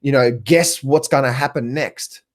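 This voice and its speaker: Excitable Australian man coaching on a live stream. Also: medium pitch, unhurried. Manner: excitable, repetitive, laughs often, chats with viewers by name. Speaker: trading coach. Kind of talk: live stream talk answering viewers in chat.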